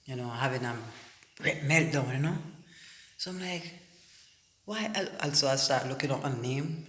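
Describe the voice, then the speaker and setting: A man's voice: mid-range voice, reverberant, slight background noise. A Jamaican man talking casually to viewers as a vlogger, calling them guys and peppering his story with "you know". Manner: animated, addresses viewers as guys, many you-knows.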